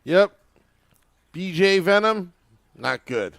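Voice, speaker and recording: A man co-hosts a sports podcast and delivers his jokes in a slow, deadpan way. His voice is high for a man and gravelly, yet clear and smooth. The recording is dry and close. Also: no room sound. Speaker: podcast co-host. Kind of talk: casual podcast banter.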